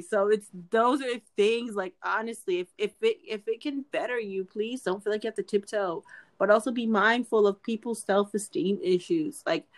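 A young adult woman co-hosting a podcast in casual chat, talking earnestly and repeating her pleas. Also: medium pitch. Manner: earnest, pleading, repeats herself. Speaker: podcast co-host.

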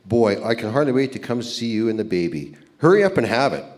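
A man's voice: mid-range voice, very animated, brisk, background noise. A man in his sixties from Canada reading his old love letters aloud on a live stage, playful and chuckling at himself. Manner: playful, self-mocking, chuckling at his own lines. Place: live event centre stage.

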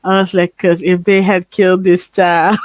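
A man's voice: high voice, little pitch movement, moderate pace, no echo. A man co-hosting a podcast, chatting casually about an anime in laid-back slang and laughing often. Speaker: podcast co-host.

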